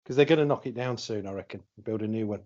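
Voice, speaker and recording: A man's voice: fairly low pitch, racing, a little mellow, no echo. A man on a casual podcast, making hesitant quiz guesses that trail off into mumbles. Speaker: podcast co-host, quiz contestant. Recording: dull lo-fi dry audio.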